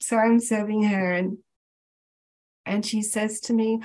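A woman appears as a guest in a casual chat, sharing a personal faith story. She's animated, laughs often and acts out the voices she quotes, speaking at normal speed in a slightly high voice.

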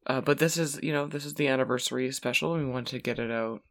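A man's voice: mid-range voice, quick pace, fairly bright tone. A tired man, awake for twenty hours, co-hosting a podcast in casual chat. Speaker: podcast co-host.

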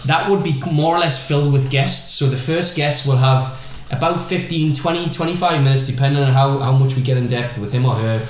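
A young man hosts a casual podcast, quick to tease and laugh. His voice sits at an ordinary pitch. The room is very echoey, with faint noise behind him. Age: 20s. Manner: teasing, laughs often. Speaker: podcast host.

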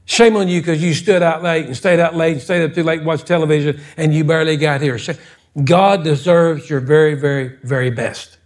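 A man preaching a fervent sermon as pastor in a church, scolding his congregation and rising to loud, insistent exhortation. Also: on the high side, steady tone, fairly quick. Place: church sanctuary.

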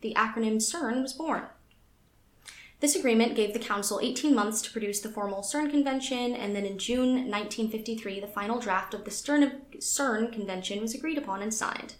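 A woman's voice: on the high side, moderate pace, reverberant. A woman co-hosting a podcast, chatting casually with lots of fillers and reading passages aloud from a website. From United States. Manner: chatty, filler-heavy, self-deprecating. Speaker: podcast co-host.

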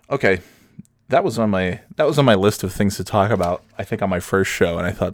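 A man in his thirties with a lowish voice rambles through a solo podcast monologue, swearing freely and poking fun at himself. The sound is dry and close, with no room around it. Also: a little fast, no room sound. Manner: rambling, self-deprecating, profane. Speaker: podcast host.

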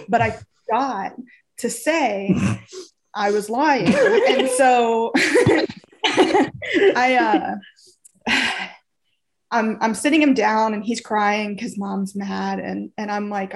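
A young woman tells a family story on a casual podcast, her voice sitting a little high. She laughs often as she goes and drops to a soft, low tone for quoted lines. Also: slow pace. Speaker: podcast co-host.

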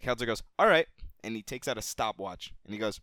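A man co-hosting a podcast, telling a childhood story in a casual, animated way and swearing freely. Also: quick pace, no echo, clean studio sound. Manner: animated, gets louder and higher at the story's climax. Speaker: podcast co-host.

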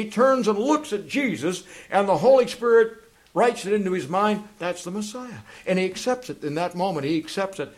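A man preaching a sermon as pastor, fervent, swinging from loud declarations to hushed asides, and reading passages aloud. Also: sits high, animated, moderate pace. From England. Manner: reads passages aloud from books.

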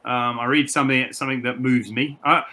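Middle-aged man from the UK, personal trainer, interview guest; bright, clear tone, reflective and halting. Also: mid-range voice, steady tone. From United Kingdom. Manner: reflective, repeats words and restarts often. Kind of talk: candid interview conversation.

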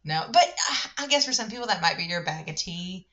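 A woman's voice: fairly low pitch, expressive, fairly quick, fairly bright tone, dull audio. Chatty woman with plenty of fillers. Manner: chatty, many fillers, laughs easily. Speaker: book club podcast co-host. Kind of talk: casual chat.

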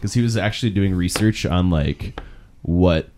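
A man on a podcast, casually sharing behind-the-scenes facts in a relaxed way. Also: deep voice, normal speed, a little hiss or hum. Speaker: podcast co-host. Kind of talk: casual chat sharing trivia.

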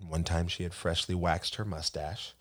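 A man co-hosting a podcast tells a story in casual chat, laughing a lot and acting out quotes in an animated way. His voice is low and his pace moderate.

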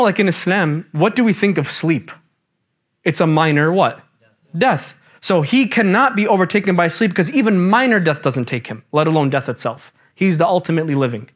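A young man teaching a Quran class in a lively, casual way, quizzing his students as he goes. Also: high-pitched. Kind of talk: classroom lecture.

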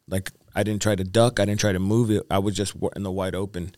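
A man's voice: deep voice, fairly even intonation, fast talker, darkish tone, clear, resonant tone, no room sound, clean studio sound. A male evangelist, the interview guest, tells his story in an earnest, rambling way with repeated phrases and fillers. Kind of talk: testimony in a podcast interview.

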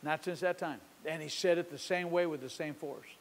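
A pastor with a high-pitched voice, preaching in a church. He tells a story and acts out its conversations, dropping his voice low and then rising loud. His voice rings with a long reverb in a big sanctuary. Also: a little fast. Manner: storytelling, acting out dialogue with shifting loudness. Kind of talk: sermon.

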